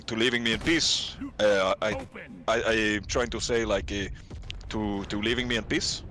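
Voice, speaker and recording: A man's voice: slight background noise, natural voice. A man doing a grumbling cartoon Frenchman. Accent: put-on French. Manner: flat, low, grumbling complaints. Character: grumpy French office worker man, cartoonish.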